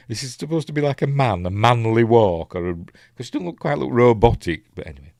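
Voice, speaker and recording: A medium-pitched, animated man with a creaky, slightly mellow voice speaks at normal speed, recorded clean in a studio with no room sound. Hosting a casual live film watch-along as a reviewer, he has a Yorkshire accent and rambles hesitantly, full of ums and restarts, laughing at his own asides.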